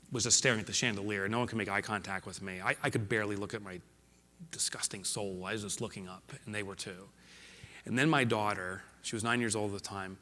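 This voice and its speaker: A middle-aged man, a keynote speaker, tells a personal story in a motivational speech to a live audience, moving between loud emphasis and hushed, emotional lines. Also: on the low side. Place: large hall before a live audience. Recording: reverberant hall.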